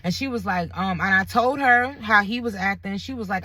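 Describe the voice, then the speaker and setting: A woman's voice: mid-range voice, brisk, no echo. Candid young woman telling her story. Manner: candid, animated retelling with quoted dialogue and swearing. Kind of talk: personal storytelling vlog.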